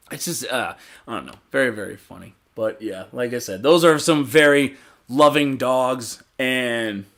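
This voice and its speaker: A man's voice: a little high, a bit bright. A young man hosting a casual livestream podcast, rambling loosely, swearing freely and laughing often. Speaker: podcast host.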